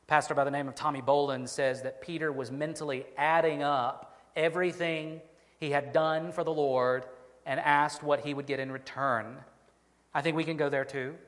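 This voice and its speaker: Earnest pastor guy preaching, leans hard on key words, voice a bit high. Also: fairly even intonation, a bit bright, big-room sound. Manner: earnest, slows down to stress key phrases. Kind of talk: sermon.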